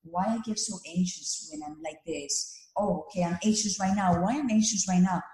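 A woman's voice: on the low side, moderate pace, warm tone, reverberant. A woman telling stories earnestly in a casual conversation, speaking English with non-native phrasing.

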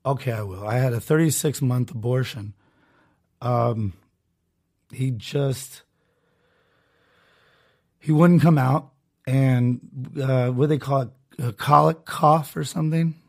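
This man speaks slowly with a medium-pitched, gravelly voice and long pauses. Hosting his solo podcast, the Southern Californian rambles sarcastically, full of restarts and side comments.

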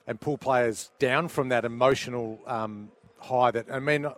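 A man, a former coach, talks through the game in a measured, thoughtful way. His voice sits at an ordinary male pitch. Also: steady tone. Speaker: former coach and player, pundit. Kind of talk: sports radio commentary.

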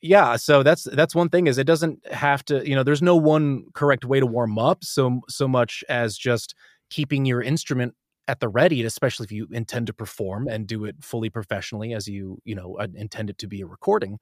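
Casting note: American male narrator and voice actor, animated guest chatter, mid-pitched, dry close sound. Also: no echo. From United States. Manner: animated and eager, quick to jump between ideas. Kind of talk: casual interview talk.

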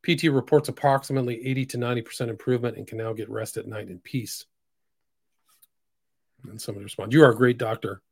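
Reading posts on his solo podcast, a man with a middle-pitched, gravelly, husky voice talks fast and pauses often. He stays mostly flat but erupts into abrupt, loud, emphatic outbursts, and the sound is dry and close with no echo.

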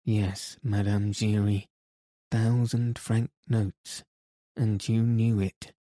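A man voicing a blunt, stern male opera manager who speaks roughly and accuses. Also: fairly low pitch, level tone, takes it slowly, mellow, dry recording, studio quality.

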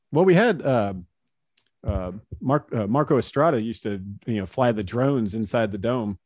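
A man who pitched professionally, telling casual anecdotes in an interview, acting out quotes and laughing often. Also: animated, normal speed, darkish tone, no room sound. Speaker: former baseball pitcher, guest.

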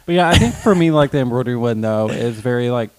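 A young man co-hosting a casual podcast chat, with wry, deadpan asides. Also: medium pitch, fast talker, poor audio. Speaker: podcast co-host.

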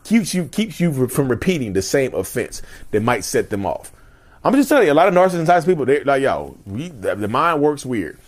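A man's voice: medium pitch, big pitch swings, fairly quick. Repetitive, emphatic male vlogger. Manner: repetitive, emphatic, laughs often. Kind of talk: casual monologue.

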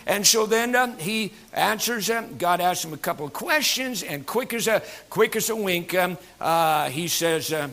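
A man pastor preaching a sermon in a folksy, joking way with many fillers, going from quiet asides to loud emphatic passages. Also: sits high, animated, moderate pace, few pauses.

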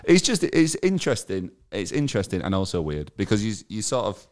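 Deep-voiced young man. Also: sing-song, brisk, a little mellow. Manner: hesitant, restarts a lot, laughs easily. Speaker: podcast co-host. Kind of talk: casual chat.

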